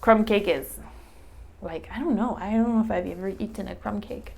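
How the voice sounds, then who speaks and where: A woman teacher doing a read-aloud storytime, animated and chatting with a child. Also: mid-range voice, moderate pace, gravelly. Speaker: English teacher.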